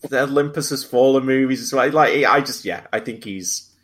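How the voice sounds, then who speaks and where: A man's voice: mid-range voice, moderate pace, a bit bright. A man hosting a casual film discussion podcast, talking with frequent restarts and hesitations. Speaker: podcast host.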